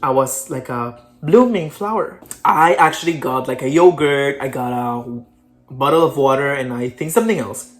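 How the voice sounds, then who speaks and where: A woman's voice: very deep voice, moderate pace. A young woman casually telling her own story to the camera, candid and conversational as she speaks straight to her viewers. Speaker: vlogger telling a personal story.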